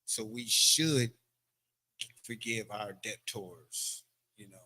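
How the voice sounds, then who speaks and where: A man's voice: fairly low pitch, takes it slowly, pushed and bright. A man teaching a language lesson from a board in a loose, conversational way, full of fillers and repeated words. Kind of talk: teaching from a board, casual lecture. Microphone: streaming setup.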